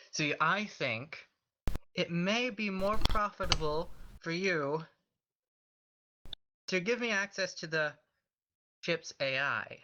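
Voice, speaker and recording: A man's voice: a little high, lively intonation, slow, pauses often, background noise. A man playing in a tabletop game, blunt and cocky. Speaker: player.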